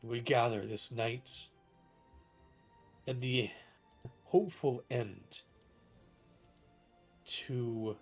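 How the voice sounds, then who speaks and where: A man's voice: medium pitch, steady tone, slightly rough, soft background music, heavily acted. A man doing a solemn dragonborn councillor. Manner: slow, grave public address. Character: male dragonborn councillor addressing a city, solemn.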